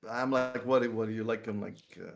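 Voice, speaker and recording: A man's voice: fairly low pitch, steady tone, fairly quick, vocal fry, slight background noise. A young man telling a story casually on a livestream, full of slang, swearing and laughter. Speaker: streamer.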